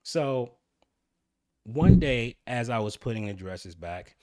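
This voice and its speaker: A man's voice: medium pitch, animated, slow, darkish tone, no room sound. A man hosting his own channel, candidly telling a personal story in a rambling way with frequent restarts. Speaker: channel host.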